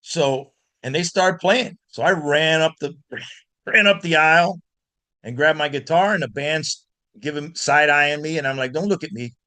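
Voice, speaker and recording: A man from Miami, a guest blues guitarist, telling animated stories in an interview with frequent restarts. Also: a little high, a little slow. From Miami, United States. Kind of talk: storytelling in an interview.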